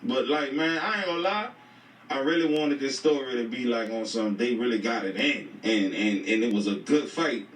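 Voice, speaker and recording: A man hosting a reaction video, making quick crude remarks in street slang. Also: mid-range voice, a bit bright. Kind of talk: casual reaction commentary. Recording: echoey and distant.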